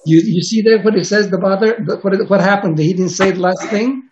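A man's voice: high voice, a little fast, darkish tone, a little hiss or hum. A man preaching a sermon, reading scripture aloud and explaining it in an earnest way with frequent restarts. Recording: dull lo-fi recording.

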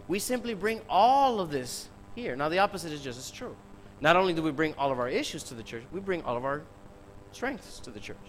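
A male preacher delivers an emphatic sermon with a fairly high voice. He keeps asking the congregation rhetorical questions and speaks to them directly. A faint hum runs behind him. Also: fairly bright tone, poor audio.

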